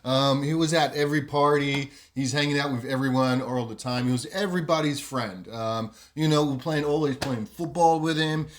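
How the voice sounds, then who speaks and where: A man's voice: medium pitch, moderate pace, hardly any pauses. Rambling man telling a story. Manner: rambling, lots of ums and "you know". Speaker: podcast host. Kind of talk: casual storytelling.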